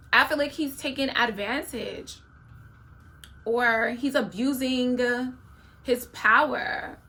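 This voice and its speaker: This young adult woman has a high, bright, forceful voice. She hosts a reality-show reaction video, offering casual, opinionated commentary directly to her viewers and tossing in frequent "okay?" asides.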